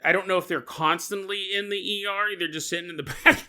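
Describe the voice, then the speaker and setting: A man's voice: high-pitched, fairly even intonation, a little fast, bright, forceful tone, clear, resonant tone. A man hosting a podcast, telling a story as a comedic monologue, joking and laughing often. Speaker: podcast host.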